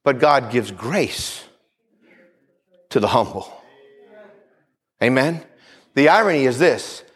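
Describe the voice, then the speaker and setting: A man preaching a sermon with emphasis, repeating phrases, dropping low and quiet for weight, and calling out for the congregation's amens. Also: expressive, slow pace, slightly rough. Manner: emphatic, repeats phrases, calls for "Amen?" responses.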